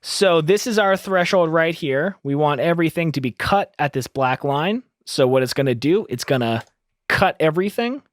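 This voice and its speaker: A man's voice: on the high side, animated, normal speed, no room sound. A man hosting an audio tutorial, explaining step by step in an upbeat teaching manner into a close studio microphone. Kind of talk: screen-recorded audio tutorial.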